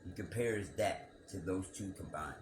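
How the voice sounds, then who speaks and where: Deep-voiced man musing over scripture. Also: moderate pace. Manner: musing, rhetorical questions, repeats words. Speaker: scripture commentator. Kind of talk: reflective bible commentary monologue. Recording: echoey room with background noise.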